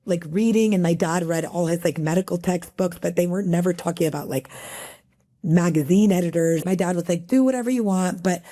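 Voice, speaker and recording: A woman's voice: fairly low pitch, fairly even intonation, warm tone. A middle-aged woman from El Paso, Texas, telling stories in a chatty interview with plenty of fillers. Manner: chatty, many fillers, quick storytelling. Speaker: guest, magazine editor. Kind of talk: casual interview conversation.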